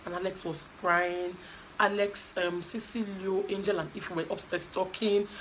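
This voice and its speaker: A woman's voice: lowish voice, normal speed, slight background noise, rough recording. A young adult woman with a Nigerian accent, animatedly recapping a reality show in casual gossip style. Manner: animated, chatty storytelling with asides.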